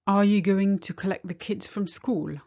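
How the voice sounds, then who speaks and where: A woman teaching a French lesson in English, speaking clearly and slowing down to model French phrases. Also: mid-range voice, steady tone, warm tone, lo-fi sound. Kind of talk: language lesson.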